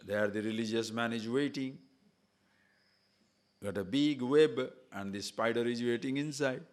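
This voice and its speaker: A male spiritual teacher lectures on scripture in a mid-range voice, unhurried and full of long pauses. He speaks earnestly, lays out his points as lists, and repeatedly urges listeners to pay close attention.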